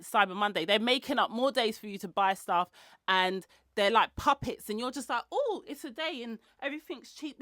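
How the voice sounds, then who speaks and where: A woman's voice: a bit bright, dry recording, clean studio sound. A woman hosting her own podcast in a chatty, slangy way. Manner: chatty and slangy, acts out others' lines with big pitch jumps. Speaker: podcast host. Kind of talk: casual solo podcast chat.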